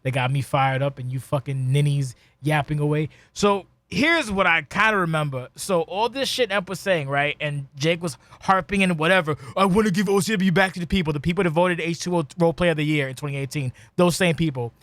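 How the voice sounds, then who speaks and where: A man's voice: a little high, a little fast, few pauses, a bit bright, no room sound. A man co-hosting a podcast, ranting in mock anger with constant swearing in casual post-show chat. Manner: profane, mock-angry ranting. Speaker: podcast co-host.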